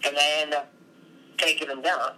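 A middle-aged former wrestler and coach, talking from his office, telling long, animated stories as an interview guest. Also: a little high, moderate pace, slight background noise, low-quality recording. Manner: rambling, animated storytelling.

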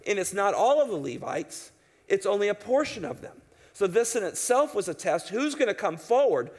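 A man's voice: high-pitched, sing-song, moderate pace. A man preaching an expository sermon in an emphatic, conversational way, asking his listeners rhetorical questions. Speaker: pastor.

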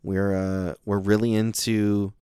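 Male comedy host, improv sketch, deadpan and earnest, low voice, dry close mic. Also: takes it slowly, clear, resonant tone, no room sound.

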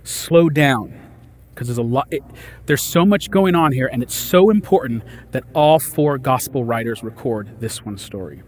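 Animated conversational preacher man. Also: medium pitch, moderate pace, slight background noise. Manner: conversational, animated, acts out disciples' lines. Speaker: pastor. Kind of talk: sermon.

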